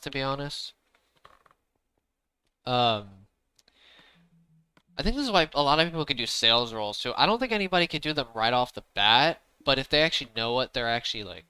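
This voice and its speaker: Young male gaming streamer on a desk mic, bright and forceful, rambling casual talk, pushing his voice louder on purpose, dry close sound. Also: medium pitch, clear, resonant tone, no echo, poor audio. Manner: rambling, repeats "to be honest"; deliberately speaking up loudly. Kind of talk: casual chat while playing. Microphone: desk microphone.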